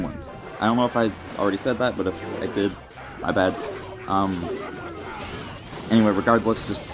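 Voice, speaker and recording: A young man, delivering a rambling, mock-serious comedic rant full of fillers. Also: lowish voice. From Canada. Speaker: vlogger. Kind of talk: comedic rant addressed to the wind. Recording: music playing under the voice.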